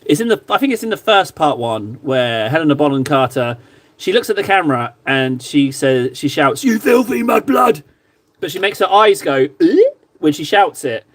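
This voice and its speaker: A man casually chatting to his stream viewers while painting models, joking around and sometimes mock-shouting at them. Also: a little high, lively intonation, normal speed. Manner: playful, jokey, mock-shouts insults at viewers. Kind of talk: casual live-stream chat.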